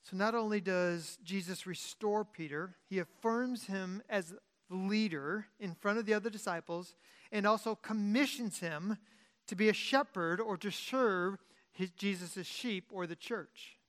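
At a measured pace, a pastor gives an informal teaching sermon, shifting between forceful, emphatic loudness and quiet, low-key remarks. He often abandons a sentence midway to restart or correct it.

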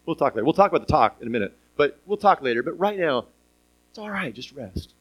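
A preacher voicing a gentle, comforting God who speaks softly to a weary man. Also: fairly high pitch, very animated, fast. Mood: soothing. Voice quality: soft and hushed.

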